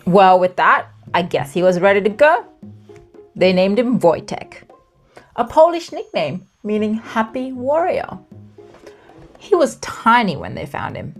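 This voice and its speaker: A woman's voice: medium pitch, sing-song, a little slow, faint music behind. A woman hosting a podcast, telling a true story with dramatic pacing and wry asides. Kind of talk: storytelling narration.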